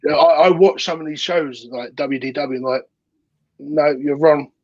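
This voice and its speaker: A British man chats as a podcast guest and restarts his sentences often. His voice sits a little high and slightly husky. The sound is dull and dry, like a muffled call. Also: brisk, darkish tone, no echo. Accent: British English. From United Kingdom. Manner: chatty, repeats words when starting sentences. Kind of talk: casual chat.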